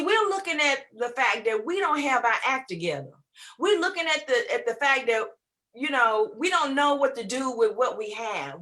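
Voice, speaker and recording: A woman's voice: high-pitched, sharp tone. A woman giving an inspirational talk as a guest speaker, preachy and repetitive, often searching for words and laughing easily.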